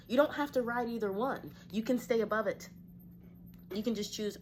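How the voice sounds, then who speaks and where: A woman giving a tarot reader's reflective, encouraging talk to viewers from her home, with occasional sighs and soft laughs. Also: on the high side, moderate pace, a little hiss or hum. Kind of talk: casual spiritual talk to viewers.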